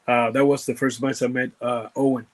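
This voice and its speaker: Puerto Rican man telling halting stories. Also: mid-range voice, little pitch movement. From Puerto Rico. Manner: halting, lots of fillers and restarts, broken grammar. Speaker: guest, former pro wrestler. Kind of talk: casual storytelling interview.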